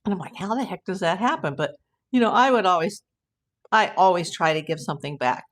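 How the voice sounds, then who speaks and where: Chatty woman streamer, slightly low voice. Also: animated, brisk. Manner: rambling, anecdotal, laughs often. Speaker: host of a live YouTube channel. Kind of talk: casual live-stream chat.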